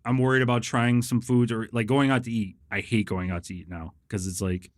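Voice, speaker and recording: A man's voice: medium pitch, steady tone, fairly quick, dry recording. Laid-back man telling stories, dry sound. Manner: laid-back storytelling, acts out quoted people. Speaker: podcast guest. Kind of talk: casual chat.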